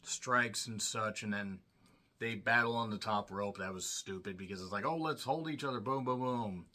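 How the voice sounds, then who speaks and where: A man talks through a wrestling episode in a loose, chatty recap. His voice is bright and sharp-edged. He swears freely and drifts into sarcastic asides. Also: medium pitch. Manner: sarcastic, profane, rambling asides. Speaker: wrestling show reviewer. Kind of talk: casual recap commentary.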